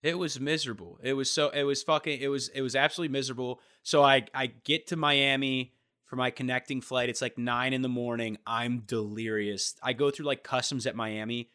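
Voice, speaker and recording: A man's voice: medium pitch, fairly even intonation, fairly quick, pushed and bright, clean tone. A young man in a casual chat, telling a travel story with lots of swearing and acting out the people he met.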